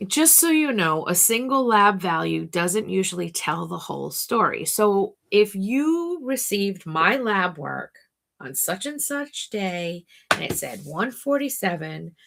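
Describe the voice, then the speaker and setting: A woman's voice: mid-range voice, big pitch swings, unhurried, gravelly, fairly bright tone. A middle-aged woman hosting a casual talk to camera, chatty and thinking aloud, talking to herself by name. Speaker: host.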